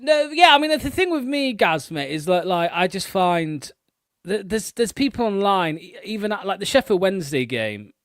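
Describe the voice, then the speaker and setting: Chatty English man, high voice. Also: big pitch swings, normal speed, no echo, studio quality. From raised in Pembrokeshire, Wales. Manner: chatty, matey, repeats short phrases. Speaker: host of a fan call-in show. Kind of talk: casual live-stream chat.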